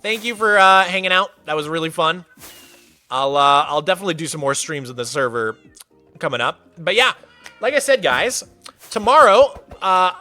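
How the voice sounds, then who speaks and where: Lively, bright-voiced male streamer. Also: sits high. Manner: animated, playful, laughs often; soft baby talk to his cat. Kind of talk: casual livestream chat.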